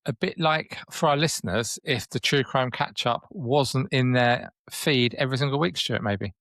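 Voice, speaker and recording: A man's voice: medium pitch, moderate pace, fairly bright tone, dry recording. A man co-hosting a podcast in casual chat, teasing his co-host with dry banter.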